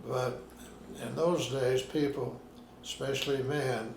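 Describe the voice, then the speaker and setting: In his home apartment, a gravelly man in his nineties from Arkansas, USA, a retired minister, speaks slowly in a mid-range voice with fairly even intonation. As the interviewee in an oral history, he tells stories unhurriedly, pausing often, on a roomy recording with background noise.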